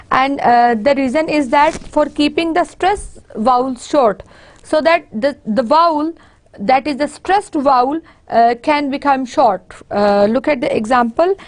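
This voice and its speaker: A high-pitched woman lecturing at an unhurried pace. She says example words over and over to model their stress. She pauses often and restarts her sentences. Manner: repeats words slowly to model stress, many fillers and restarts. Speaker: university lecturer. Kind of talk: slow classroom lecture.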